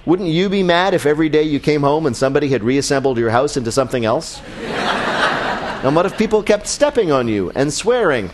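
A man hosts a radio quiz show with a wry, joking delivery. His voice sits a little high for a man, and a faint hiss runs underneath it. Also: expressive, brisk.

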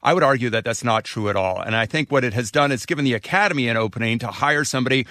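A man's voice: mid-range voice, very fast, pushed and bright, no room sound. A man who hosts a podcast, giving firm, critical commentary as a guest in a radio interview on a studio microphone. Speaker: podcast host and entertainment commentator.

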